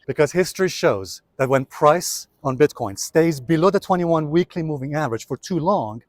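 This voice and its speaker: A man's voice: medium pitch, no echo. A man hosting a casual market commentary vlog, chatty and explaining step by step to viewers while walking city streets. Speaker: trading video host.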